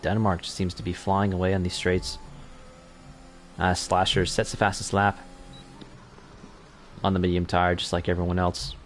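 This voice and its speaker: A man's voice: low voice, completely flat delivery, moderate pace, pauses often, a little hiss or hum. A young man commentating an online racing league in a chatty, self-correcting way that picks up during on-track battles. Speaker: race commentator.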